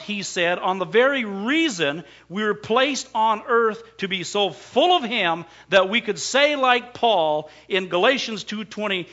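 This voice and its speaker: A man preaches with a high, bright voice and keeps asking the congregation rhetorical questions. He leans hard on his points. The recording sounds dull and lo-fi. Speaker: pastor. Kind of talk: sermon.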